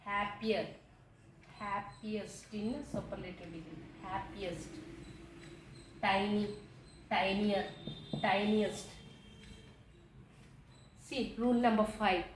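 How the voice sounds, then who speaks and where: A woman's voice: mid-range voice, fairly even intonation, slow pace, long pauses, slight background noise. A woman teacher giving a grammar lesson, repeating each word form and spelling letters aloud. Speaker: English teacher. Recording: echoey room.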